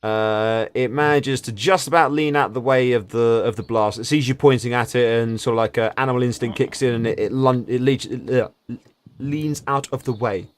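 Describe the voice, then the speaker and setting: A man running a tabletop game as game master, explaining quickly and often stumbling over repeated words. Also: medium pitch, fairly even intonation.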